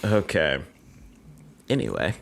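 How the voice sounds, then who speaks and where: Deep-voiced wisecracking young man. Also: huge pitch swings, slow pace, gravelly, a bit bright, slight background noise. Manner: dry, wisecracking. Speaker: podcast co-host. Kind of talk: casual comedic chat.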